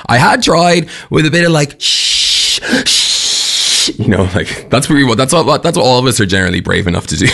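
Lively radio host with gravelly voice. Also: male voice, fairly low pitch. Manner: chatty storyteller, laughs often. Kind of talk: casual breakfast radio chat. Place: radio studio.

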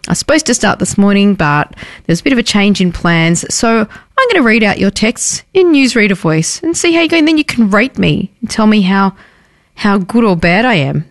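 A woman's voice: mid-range voice, expressive, moderate pace, no room sound. A woman hosts daytime radio, chatting casually and poking fun at herself. Her throat is a little sore. The sound is dry and close, with no room around her. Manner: chatty, self-deprecating. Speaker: radio host. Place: radio station airlock.

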